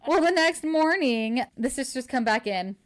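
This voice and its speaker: Gushing woman recapping a book. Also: sits high. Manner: excited, gushing retelling with quick quoted dialogue. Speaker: podcast host. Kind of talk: casual book recap chat.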